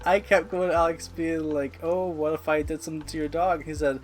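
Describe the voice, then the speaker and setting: A young man co-hosting a casual podcast chat, telling stories with lots of animated quoted lines. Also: a little high, fairly quick, soft background music. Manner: animated storyteller who acts out quoted lines. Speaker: podcast co-host.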